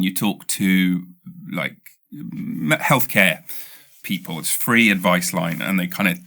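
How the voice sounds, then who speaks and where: This low-voiced British man hosts a podcast and rambles through a funny, casual story. He's animated and keeps cutting himself off, stuttering and starting over.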